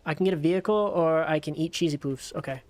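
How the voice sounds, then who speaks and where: A young man live-streaming a video game, chatting casually with his viewers, swearing and yelling excitedly when things get tense. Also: a little high, fast talker.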